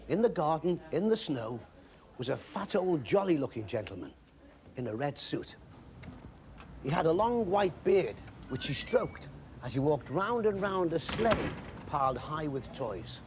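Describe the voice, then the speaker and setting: Expressive male storybook narrator. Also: fairly high pitch, unhurried, slight background noise. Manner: expressive and animated. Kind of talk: storybook reading.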